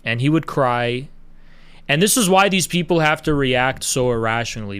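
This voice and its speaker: Combative man, smooth dry close voice. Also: medium pitch, normal speed, a bit bright, no room sound. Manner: argumentative, taunting, rhetorical questions. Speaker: party chairman streaming on social media. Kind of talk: combative livestream monologue.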